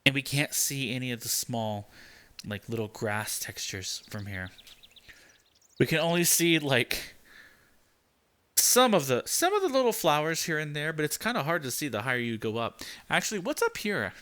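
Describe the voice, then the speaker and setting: A young man giving casual gameplay commentary, rambling with lots of fillers and keeping his voice deliberately high. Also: very animated, bright, forceful tone. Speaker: game channel host.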